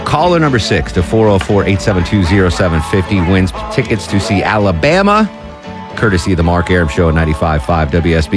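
A man hosting a live radio talk show, joking and chatting casually with a caller and his producer. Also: deep voice. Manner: jokey, quick, ad-libbing with filler. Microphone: studio microphone.

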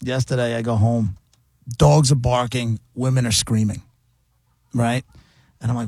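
A man with a gravelly, slightly husky voice trades jokes and tells stories in a casual radio studio chat. He sounds close and dry, with no room echo. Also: mid-range voice, steady tone, a little slow, a little mellow. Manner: joking, storytelling, playfully boastful. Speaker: radio show co-host.

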